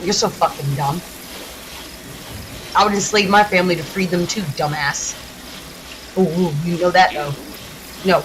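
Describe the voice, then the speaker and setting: A woman from the United States, a gaming streamer, ranting in a heated, profane, rapid-fire way while she plays. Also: on the low side, noisy background. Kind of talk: casual ranting during a livestream.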